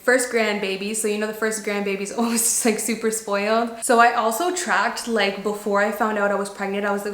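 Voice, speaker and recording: A woman in her twenties telling a story to camera in a chatty, animated way, full of "like". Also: mid-range voice, fast, few pauses. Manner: chatty, animated, heavy use of "like". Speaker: lifestyle vlogger. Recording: echoey room.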